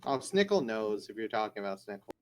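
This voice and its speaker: A man playing a tabletop role-playing game who talks in a quick, matter-of-fact way. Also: on the low side, very animated. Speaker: player.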